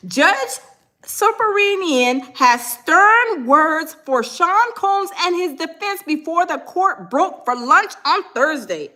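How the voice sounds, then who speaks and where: An excitable woman hosting a live stream talks through breaking news in a high voice. She chats loosely with her viewers and slows down to read headlines aloud. Her tone is bright and sharp. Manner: excitable, chatty, reads headlines aloud slowly. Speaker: livestream host.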